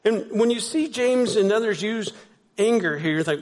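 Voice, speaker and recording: Speaking at normal speed in a voice on the high side, a man preaches to his congregation as pastor. The sermon is conversational and full of rhetorical questions, heard through a long hall reverb.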